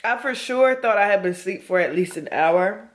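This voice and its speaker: Woman, vlogger, worn out, chatty and emphatic, mid-pitched voice. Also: animated, normal speed. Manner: chatty, emphatic, addresses viewers as y'all. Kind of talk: casual talk to camera.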